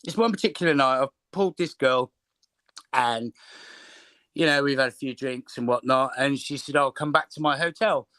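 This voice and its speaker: A man on a livestream telling a story in a relaxed, chatty way. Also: mid-range voice, normal speed, no echo. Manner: relaxed and chatty, with fillers like "and whatnot". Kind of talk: casual storytelling chat.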